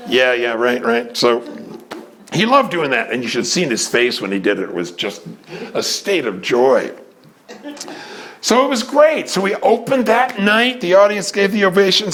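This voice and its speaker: A man telling a theater anecdote in a lively way, acting out what people said and stalling with fillers as he hunts for names. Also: medium pitch. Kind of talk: anecdotal storytelling.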